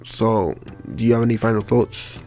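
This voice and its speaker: A man's voice: on the low side, fairly even intonation, moderate pace, darkish tone. A man with an African accent hosting a casual podcast chat, rambling and repeating his phrases. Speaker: podcast host.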